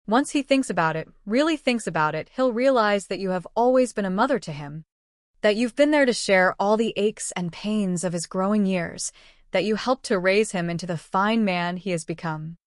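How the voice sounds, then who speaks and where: A woman voicing a gentle, consoling man. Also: high-pitched, lively intonation, normal speed, clean tone, no room sound, clean studio sound. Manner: gentle, reassuring.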